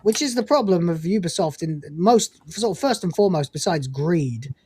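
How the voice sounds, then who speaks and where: Blunt English woman with a low voice. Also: lively intonation, normal speed, mellow, slightly rough. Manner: blunt and profane, breaks into laughter often. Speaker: co-host of a live gaming news stream. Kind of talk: casual chat with reading of news items.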